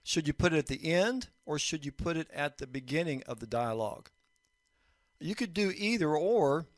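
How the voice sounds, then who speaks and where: A man teaching a recorded lesson on writing fiction, explaining points in a measured way. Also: on the high side, no room sound, clean studio sound. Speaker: college instructor.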